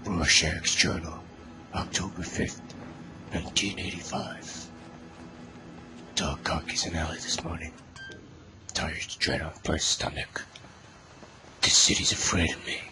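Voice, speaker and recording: A man voicing a grim masked vigilante man in a low, rasping, half-whispered monologue. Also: steady tone, a little slow, long pauses, background noise.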